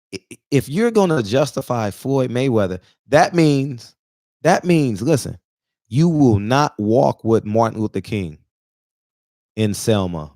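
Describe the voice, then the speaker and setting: Near tears and full of emotion, this barbershop talk show regular in his forties preaches in a casual but emphatic monologue, repeating himself for emphasis. His voice is mid-range and a little mellow, captured in studio quality with no echo.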